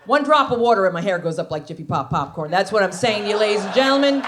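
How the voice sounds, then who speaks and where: Sassy woman doing stand-up, lively pitch. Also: fast talker, noisy background. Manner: sassy, conversational, punchy delivery. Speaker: stand-up comedian. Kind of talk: stand-up comedy set. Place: comedy club stage.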